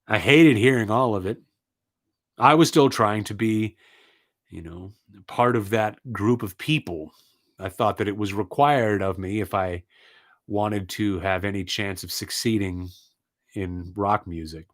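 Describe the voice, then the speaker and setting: A man's voice: on the low side, measured pace. A man giving an earnest personal monologue, telling his story with indignant, emphatic repetition.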